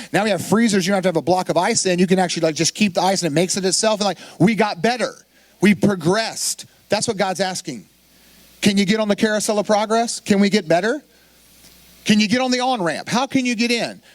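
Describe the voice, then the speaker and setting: Male pastor, high-pitched, dry close sound, lively conversational sermon delivery. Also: no room sound. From Florida. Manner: animated, conversational preaching with quoted asides.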